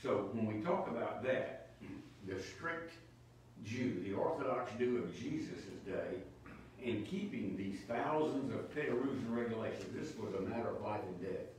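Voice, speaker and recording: A low-pitched man gives an emphatic teaching sermon, throwing rhetorical questions at his listeners. He is picked up from a distance, and his voice rings around a very echoey church. Faint noise hums underneath. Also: animated, normal speed, a little mellow. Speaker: preacher teaching Bible study.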